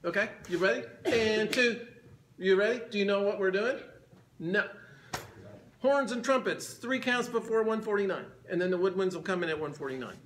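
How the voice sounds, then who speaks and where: A man conducting rehearsal sings phrases to show the players how they should sound and counts them in, the band playing in the background. His voice is high, expressive and a bit bright at a moderate pace, with slight background noise.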